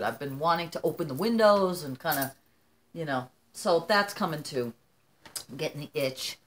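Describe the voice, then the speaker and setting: A woman in her fifties chatting casually to her viewers at home, animated and talkative, often calling them "you guys". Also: low-pitched, slight background noise. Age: 50s. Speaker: vlogger. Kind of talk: casual chat to camera.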